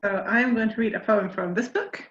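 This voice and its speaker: A woman reading a song from a book aloud on a video call, gentle and slightly hesitant. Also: medium pitch, fairly quick. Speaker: reader. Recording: dull, roomy video call audio.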